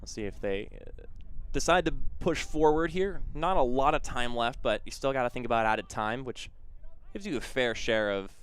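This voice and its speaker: A man calling a live soccer match play-by-play in a steady, conversational way, filling quiet stretches with background chat about the teams. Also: mid-range voice, normal speed, clear, resonant tone. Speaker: play-by-play commentator.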